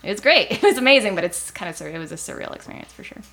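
Animated young woman telling a story. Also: mid-range voice, rapid-fire, vocal fry. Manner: animated, acts out quotes in a raised voice. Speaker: TV writer guest. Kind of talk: casual interview storytelling.

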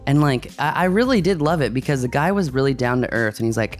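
A male podcast host who talks in a casual, down-to-earth way, rambling a little as he gets excited. His voice sits at an ordinary middle pitch. Faint music plays underneath. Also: fast.

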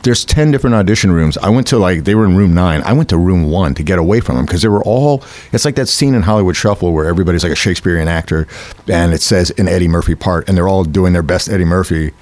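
A man with a very low, deep voice tells a story in a relaxed, conversational way. He is animated and laughs as he goes, jumping into the voices of the people he quotes. The sound is dry and close, with no room around it. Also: fast talker, no room sound. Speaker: actor telling an audition story. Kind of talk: casual storytelling chat.

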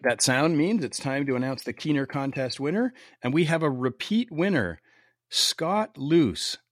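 A man's voice: mid-range voice, no room sound, studio quality. A man hosting a medical podcast, upbeat and conversational. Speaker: podcast host.

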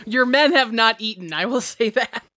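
A woman's voice: fairly high pitch, animated, normal speed, pushed and bright, dry recording. A woman narrating a tabletop role-playing game as game master, chatty and laughing often.

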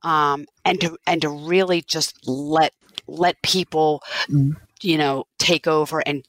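A woman's voice: deep voice, fairly even intonation, slow pace, fairly bright tone, dry recording, poor audio. Earnest woman business owner, dry sound. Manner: earnest, reflective, many restarts. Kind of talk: conversational interview storytelling.

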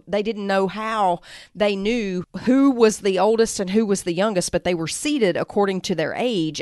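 A woman's voice: lowish voice, darkish tone, dry recording, studio quality. A woman podcast host retelling a Bible story in a conversational teaching style, reading quoted lines and adding asides.

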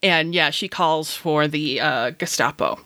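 Bright enthusiastic woman player. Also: deep voice, unhurried, no room sound. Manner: enthusiastic, chatty, laughing. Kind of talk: casual tabletop role-play chat.

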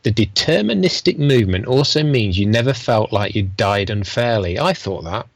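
Low-voiced podcast co-host. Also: male voice, animated, normal speed, vocal fry. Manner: dry, low-key, lots of agreeing murmurs. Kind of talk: casual chat, reading listener feedback.

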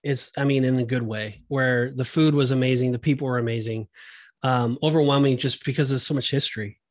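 A man talking on a casual podcast in a relaxed, rambling way. He circles back on himself with fillers and restarts and keeps an easy conversational flow. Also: mid-range voice, a little fast, no echo, studio quality. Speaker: podcast host. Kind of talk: casual chat.

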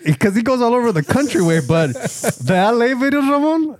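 A man's voice: extremely high pitch, lively intonation, brisk. A young man telling stories in a casual chat, profane and full of slang tags.

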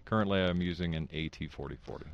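A man's voice: low voice, quick pace, dry recording, muffled recording. A man, a podcaster and voice performer, chatting as an interview guest and slipping into funny voices. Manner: animated, slips into funny voices. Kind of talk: casual interview chat.

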